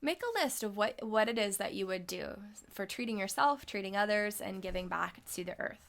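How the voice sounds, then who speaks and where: A young adult woman speaks straight to camera in a casual, chatty way. She sounds upbeat and keeps checking in with her listener as she goes. Her pitch sits in the middle range for a woman. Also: expressive, moderate pace, vocal fry, fairly bright tone. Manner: chatty, upbeat, lots of "like" and "right?". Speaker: spiritual coach. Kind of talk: casual talking-head vlog.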